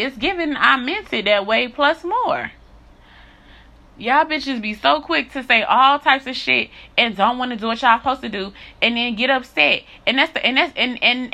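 A woman's voice: on the high side, normal speed, gravelly, pushed and bright. A young woman speaking in a blunt, heated, profane monologue rant to her followers. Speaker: social media creator.

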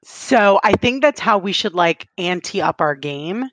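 A woman's voice: medium pitch, animated, a little slow, fairly bright tone, no echo. A woman co-hosting a casual podcast, chatty and giggly, with lots of filler words. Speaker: podcast co-host. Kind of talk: casual chat.

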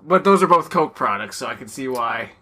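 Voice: mid-range voice, expressive, fairly quick, sharp tone. A podcast co-host in casual chat, making dry, sarcastic asides and swearing casually.

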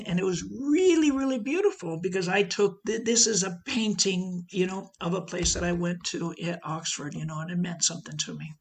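A middle-aged woman from the United States talking casually to a group, telling personal stories with lots of fillers and asides. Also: lowish voice. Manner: animated storytelling, many fillers and asides. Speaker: guest speaker. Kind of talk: casual talk to an audience.

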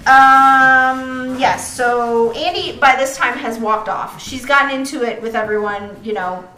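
Bright-voiced woman recapping a movie. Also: sits high, measured pace, reverberant, a little hiss or hum, low-quality recording. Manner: animated, chatty, swears freely. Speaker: podcast co-host. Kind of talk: casual movie recap chat.

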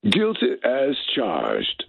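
Brief: man impersonating a smug, sly celebrity caller, slow gravelly drawl, pitch swooping wildly, phone line. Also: huge pitch swings, dry recording, full character voice. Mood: sly mockery. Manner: sly, joking, drawling delivery. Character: mock impression of a smug male celebrity murder suspect. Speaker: comedy caller.

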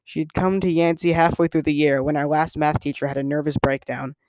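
A man's voice: fairly high pitch, flat delivery, a little fast, a little mellow, smooth, no room sound. A man reading a novel aloud as first-person narrator, in a casual storytelling way with the odd stumble. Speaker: reader.

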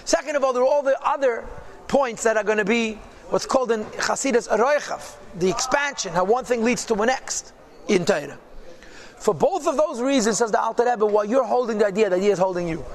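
A man teaching a Torah class, reading Hebrew and Aramaic phrases and translating them quickly into English, emphatic and repetitive. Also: very high-pitched, animated. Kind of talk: Hasidic text class.

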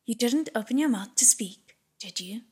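A breathy-voiced woman voicing a patient young male prince who speaks softly and soothingly, in an audiobook. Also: extremely high pitch, expressive, moderate pace, heavily acted. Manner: soft and soothing.

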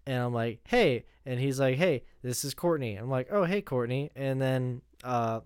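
A relaxed young man talks casually for a podcast, swearing now and then. His voice is smooth and clear and the mic is close and dry. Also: mid-range voice, normal speed, no echo. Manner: laid-back, laughing, swears. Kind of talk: casual chat.

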